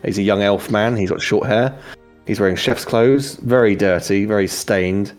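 A man narrating a tabletop game as game master in a relaxed way with many pauses. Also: fairly low pitch, faint music behind. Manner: relaxed, hesitant with fillers.

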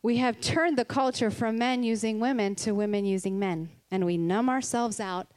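A woman's voice: a little high, normal speed, darkish tone, clear, resonant tone. Candid woman giving a conversational sermon. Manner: candid, earnest, laughs between points. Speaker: Christian speaker.

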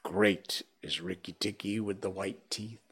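A man voicing a small, silly male tailorbird who talks in an excited, sing-song, praising way. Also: low-pitched, a little slow, husky, pitched below the performer's own voice, exaggerated voice.

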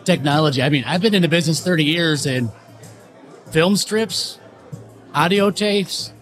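A middle-aged man and barbering educator telling stories in a straightforward, animated way on a panel. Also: fairly high pitch, normal speed. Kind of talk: panel discussion. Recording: music and crowd behind.

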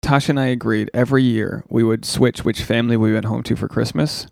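Male podcast host, gravelly, close dry sound, joking casual chat. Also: mid-range voice, steady tone, fairly quick, a little mellow, no room sound. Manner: joking, teasing banter.

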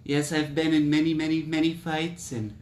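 A man's voice: on the high side, flat delivery, normal speed, roomy sound, voice pushed up, lightly acted. A man doing a comic impression of a boastful older male politician, drawling and repeating his brags. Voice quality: drawling, repetitive bragging. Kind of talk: comic impression in podcast chat.

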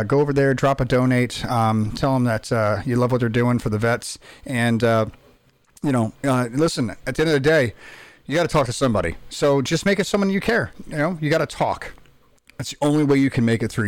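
A man's voice: medium pitch, dry recording. A man hosting a casual podcast, easygoing and chatty, sincere when he wraps up. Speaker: podcast host. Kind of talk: casual chat.

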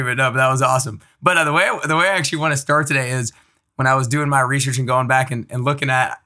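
A man's voice: mid-range voice, steady tone, fast, sharp tone. A man hosting a podcast, upbeat and enthusiastic as he introduces and interviews his guest. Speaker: podcast host.

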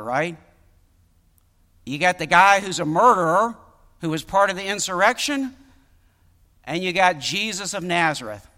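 A man preaching a sermon, reading scripture aloud and breaking off to comment in a conversational way, now and then rising to loud emphasis. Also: a little high, long reverb tail. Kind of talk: expository sermon.

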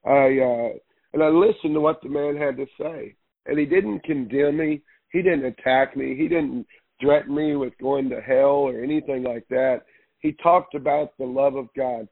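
Over a tinny, thin radio line that sounds like a phone, a pastor being interviewed shares his testimony. He speaks at an ordinary pitch in a husky voice with no echo, earnest and halting, repeatedly looping back on what he's said.

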